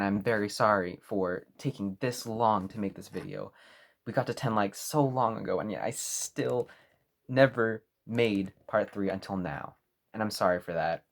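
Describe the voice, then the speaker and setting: A young man talking to camera in a mock-serious apology video, over-earnest and halting. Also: on the low side. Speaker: vlogger.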